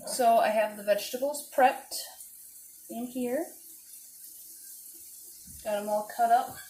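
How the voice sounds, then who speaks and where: Woman, home cook vlogger, chatty and self-deprecating; roomy kitchen sound, pan sizzling loudly under her voice. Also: on the high side. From not from the American South. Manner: chatty, self-deprecating, talks while cooking. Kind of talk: casual cooking vlog. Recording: echoey kitchen with frying noise.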